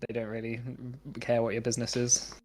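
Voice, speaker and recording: A man's voice: medium pitch, completely flat delivery, fairly quick, darkish tone. Hesitant man running a tabletop game. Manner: hesitant, many fillers and restarts. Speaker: game master.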